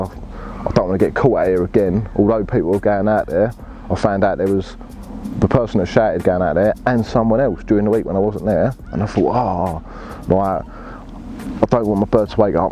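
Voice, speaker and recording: Bloke, low dark voice, swears a lot, faint hiss behind; casual storyteller. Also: male voice. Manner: blunt, swears freely, laddish slang. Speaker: angler telling his story.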